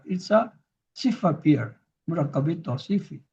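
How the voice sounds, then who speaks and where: A man's voice: fairly high pitch, lively intonation, moderate pace, warm tone, husky, muffled recording. A man teaching grammar in a recorded lesson, patiently repeating each term so students can drill it.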